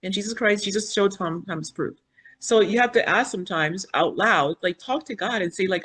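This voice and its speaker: A woman in her fifties speaks as a podcast guest, telling her story with animated energy. She acts out quoted dialogue and her own inner thoughts, and her tone is earnest and spiritual. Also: medium pitch, moderate pace, husky. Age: 50s. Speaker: podcast guest, foundation founder. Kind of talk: personal storytelling in an interview.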